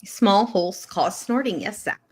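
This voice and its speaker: A woman from California co-hosting a casual livestream, an animated, laughing storyteller. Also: mid-range voice, measured pace, husky. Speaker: co-host.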